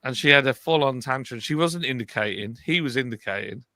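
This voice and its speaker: Bright-voiced man, rambling. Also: medium pitch, lively intonation, fairly quick, dry recording. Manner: rambling anecdotes, self-correcting. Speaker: co-host. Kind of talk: casual livestream chat.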